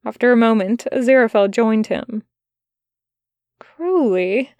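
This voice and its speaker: A woman reading fan fiction aloud as a podfic, narrating calmly and softly. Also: mid-range voice, normal speed, dry recording. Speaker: podfic reader.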